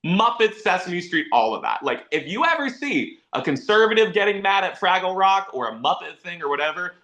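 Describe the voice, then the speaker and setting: A man's voice: high-pitched, sing-song, a little fast, bright, forceful tone. A man co-hosting a podcast, ranting heatedly in casual chat and swearing freely. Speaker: podcast co-host.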